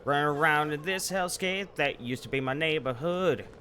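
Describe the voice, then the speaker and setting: A man's voice: fairly high pitch, moderate pace, pushed and bright, slight background noise. A man chatting casually while streaming a video game live, swearing freely and muttering asides to himself. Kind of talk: casual live gameplay chat.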